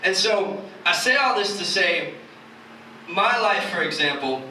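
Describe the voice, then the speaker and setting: In a church hall, a man delivers a casual, joking sermon, conversational and self-mocking. His high, sharp voice is expressive and unhurried, heard from far off in an echoey room with slight background noise.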